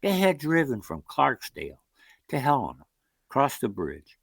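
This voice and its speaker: A man's voice: mid-range voice, moderate pace, gravelly, husky, no room sound. An American man, a long-distance canoeist, telling rambling stories in an interview and acting out what people said. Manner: rambling, animated anecdotes with acted-out quotes. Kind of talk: storytelling interview.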